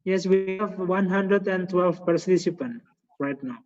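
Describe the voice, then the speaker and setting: Halting Indonesian-accented man on a muffled call. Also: high-pitched, darkish tone. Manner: halting, many fillers and repeated words. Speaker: host of a guest lecture webinar. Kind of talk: hesitant conversational English on a video call. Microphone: video call. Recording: echoey, muffled video call audio.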